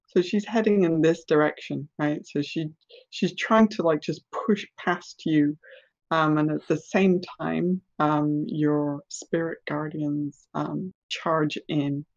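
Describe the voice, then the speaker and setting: Slow, halting game master, lo-fi sound. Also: medium pitch, steady tone, vocal fry. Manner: hesitant, many ums and restarts. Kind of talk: narrating a tabletop game.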